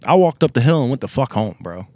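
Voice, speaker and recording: A man's voice: mid-range voice, very animated, quick pace, a little mellow, dry recording, studio quality. A man telling a story casually on a podcast, emphatic and repetitive.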